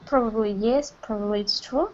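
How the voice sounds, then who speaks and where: A woman student in an online English class, answering haltingly with many fillers. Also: a little high, a little mellow. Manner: slow, hesitant, many fillers. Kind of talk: class discussion. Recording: dull lo-fi call audio.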